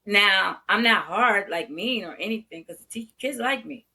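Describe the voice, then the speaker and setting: A woman's voice: medium pitch, expressive, moderate pace, sharp tone. An older woman, a veteran educator, talking frankly and bluntly as an interview guest, laughing easily. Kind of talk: candid interview talk.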